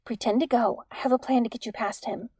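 A woman's voice: on the high side, fairly even intonation, fast talker, mellow, husky, no room sound, studio quality. A woman voicing an impatient, bossy teenage ghost girl who gives blunt, urgent commands.

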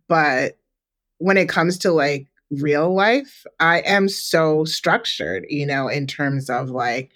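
A woman in her forties, co-hosting a podcast, telling a story in a relaxed, reflective way with many "like"s and "you know"s. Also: low-pitched. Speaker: podcast co-host. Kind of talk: casual chat.

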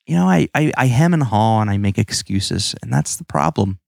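A man co-hosting a podcast, chatting casually and getting animated, repeating words as he gets going. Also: mid-range voice, normal speed, creaky, no echo, clean studio sound. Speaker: podcast co-host. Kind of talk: casual chat.

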